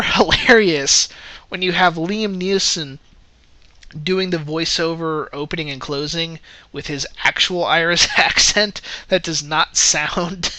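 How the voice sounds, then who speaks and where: A man's voice: on the high side, pushed and bright, no echo. A man giving a casual spoken movie review, rambling and correcting himself as he goes, often breaking into laughter. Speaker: film reviewer.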